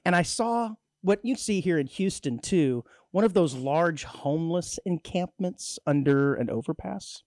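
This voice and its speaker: A man's voice: a little high, expressive, unhurried, few pauses, a little mellow, no echo, clean studio sound. A man co-hosting a community radio show in casual comedic chat, joking and laughing often. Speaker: radio co-host. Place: radio studio.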